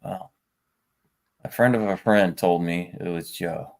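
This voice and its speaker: Deep, slow-talking male guest. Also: vocal fry, a little mellow. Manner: dry, unhurried, halting with fillers. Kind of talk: casual livestream chat.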